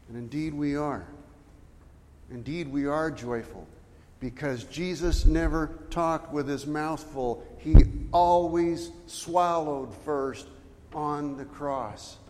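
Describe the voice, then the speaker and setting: A man preaching a chapel sermon as pastor, slow and deliberate, with sudden loud outbursts when he quotes scripture. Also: fairly high pitch. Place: church chapel. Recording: long reverb of a chapel.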